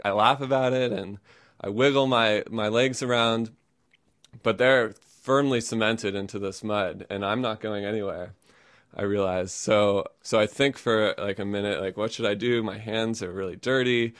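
A man's voice: fairly low pitch, steady tone, normal speed, fairly bright tone, no room sound, clean studio sound. A man telling a personal story to a live audience, chatty and self-amused, laughing often and peppering his speech with fillers.

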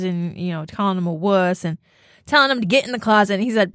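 A woman's voice: mid-range voice, fast, hardly any pauses, a bit bright, dry recording, studio quality. A woman co-hosting a podcast, telling a story in casual chat and laughing through her words. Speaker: podcast co-host.

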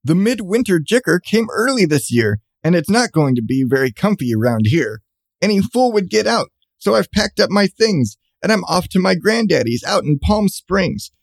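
A man reading aloud as a hurried stranger in a rain slicker who yells warnings. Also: high-pitched, sing-song, gravelly, no room sound, heavily acted. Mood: urgent. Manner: yelling warnings.

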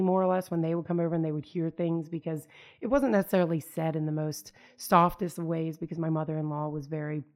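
A woman's voice: fairly low pitch, a little mellow. A middle-aged woman from the United States, telling a personal story in a conversational way, full of "like" and "you know". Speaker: storyteller recounting family life.

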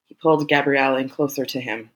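A woman reading a story aloud as narrator in a measured, even way. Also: extremely low pitch, rough recording. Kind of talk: scripted narration.

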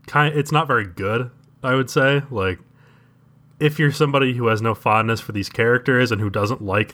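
This man co-hosts a podcast, keeping the casual chat relaxed and somewhat hesitant. He speaks at a medium pitch with a sharp tone.

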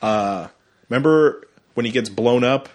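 A man co-hosting a casual movie review podcast, rambling through the plot and now and then slipping into quick silly voices for the characters. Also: mid-range voice. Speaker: podcast co-host.

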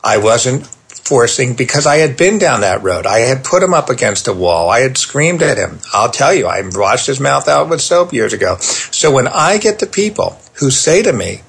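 Middle-aged male therapist guest, gravelly and husky, animated storyteller. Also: mid-range voice. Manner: animated storyteller, quick asides. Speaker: therapist and parenting author, guest. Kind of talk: conversational storytelling.

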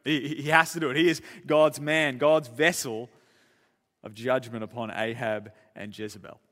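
A man's voice: medium pitch, steady tone, moderate pace, a bit bright. A man preaching a sermon, retelling a story with casual asides and repeated words. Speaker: pastor. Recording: long church-hall reverb.

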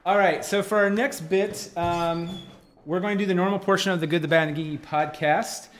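A man's voice: high voice, steady tone, fairly quick, a little hiss or hum. A man hosting a live comedy podcast, rambling and self-deprecating, laughing easily. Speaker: podcast host. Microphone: podcast mic.

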